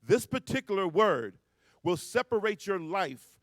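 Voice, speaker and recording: High-pitched man hyping a crowd. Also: measured pace, dry recording, studio quality. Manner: energetic, hyping up the crowd, counting off and shouting; slangy and playful. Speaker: motivational speaker at a youth conference. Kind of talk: motivational speech with call-and-response. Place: hotel ballroom at a live event.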